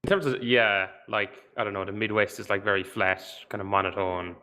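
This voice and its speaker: A man's voice: lowish voice, fairly even intonation, fairly quick, sharp tone. A man, chatting casually on a podcast and telling rambling anecdotes. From Ireland. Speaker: podcast co-host. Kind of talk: casual chat.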